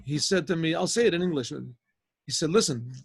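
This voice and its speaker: A man's voice: fairly high pitch, fairly quick, husky. A man, a rabbi, telling a story in a rambling, conversational way with many restarts, speaking over a video call. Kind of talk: storytelling talk.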